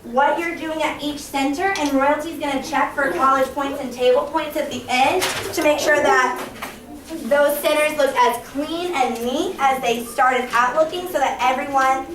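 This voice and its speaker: A young woman teaching an elementary class, giving brisk countdowns, directions and praise to her students. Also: high voice, steady tone, a bit bright, slight background noise. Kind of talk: classroom management. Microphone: camera across the room. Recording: distant echoey classroom camera audio. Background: children moving about.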